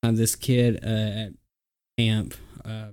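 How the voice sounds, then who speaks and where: A man's voice: fairly low pitch, flat delivery, slow pace, darkish tone, clear, resonant tone. Chatty man who laughs a lot. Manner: laughs often, rambling with fillers. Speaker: podcast co-host. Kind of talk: casual chat.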